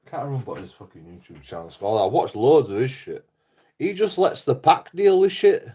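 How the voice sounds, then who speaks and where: A man's voice: medium pitch, big pitch swings, fairly quick, mellow, slightly rough. Blunt, swearing man, darker tone. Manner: heavy swearing, blunt, laughs often. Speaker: YouTuber. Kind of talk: casual rambling monologue.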